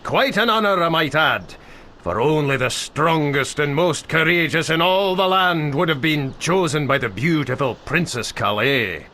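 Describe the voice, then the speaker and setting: A man's voice: fairly high pitch, lively intonation, unhurried, pushed and bright, slight background noise, full character voice. An actor playing a nervous, fawning male guide in a video game, with flowery and eager-to-please speech. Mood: courtly.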